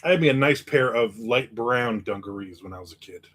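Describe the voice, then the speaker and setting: A man hosting a casual livestream, reading viewer comments aloud and answering them with quick, joking asides. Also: mid-range voice, expressive, fairly bright tone, breathy edge. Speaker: host.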